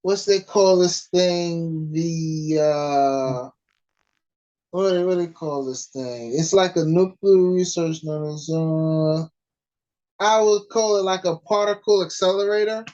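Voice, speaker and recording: A woman co-hosting a casual podcast chat, teasing her co-host and pausing often as she searches for words. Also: fairly low pitch, fairly even intonation, warm tone, dull audio. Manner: playful teasing, drawn-out pauses.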